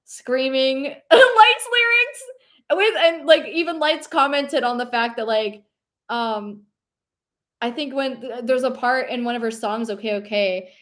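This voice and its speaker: A woman's voice: a little high, fairly even intonation, a little slow. A young woman streamer chatting casually and rambling, reading chat aloud and laughing often.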